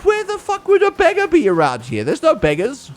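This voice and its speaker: A man streaming a video game, chatting casually and playfully, using baby talk for animals and breaking into sudden high outbursts. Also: huge pitch swings, fairly quick. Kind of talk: casual live-stream gameplay commentary.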